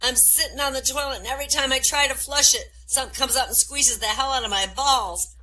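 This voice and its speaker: A woman's voice: high-pitched, steady tone, brisk, sharp tone, far from the mic, pitched above the performer's own voice, poor audio. Woman doing a frantic drunk guy. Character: panicked drunk man in a bar.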